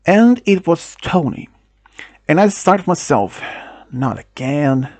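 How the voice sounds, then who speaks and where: A man whose first language is Swedish tells a first-person story, halting with restarts and non-native phrasing. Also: high voice, big pitch swings, darkish tone, dry recording.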